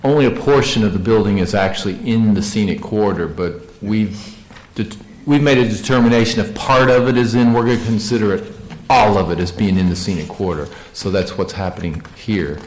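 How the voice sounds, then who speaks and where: A man with a fairly low voice, speaking in a county meeting room with a roomy echo. He answers questions haltingly and often restarts his words. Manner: hesitant, repeats words. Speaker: county staff member presenting. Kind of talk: meeting discussion.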